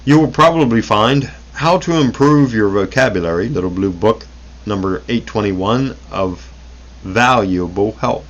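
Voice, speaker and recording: A man's voice: lowish voice, a little slow, muffled recording. A man reading an old self-help booklet aloud, unrehearsed, stumbling over words and correcting himself as he goes.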